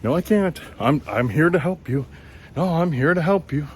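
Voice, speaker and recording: Pushy woman taxi tout, put on by a man: high, pleading, will not let go. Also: expressive, moderate pace, a little hiss or hum, lightly acted. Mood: insistent.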